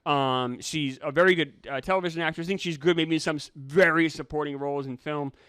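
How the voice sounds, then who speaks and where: Male podcast co-host, incredulous and teasing, high voice, dry close mic. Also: fairly even intonation, fairly bright tone, clean tone, no echo. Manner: incredulous, teasing, quick asides. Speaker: co-host, film reviewer. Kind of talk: casual podcast banter.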